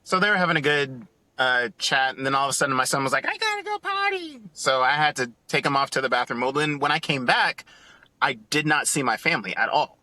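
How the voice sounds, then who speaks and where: A man on a casual podcast, telling a story in an animated, excited way and acting out what others said. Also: mid-range voice, fairly quick, no room sound. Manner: animated, acts out quotes in other voices. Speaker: podcast co-host.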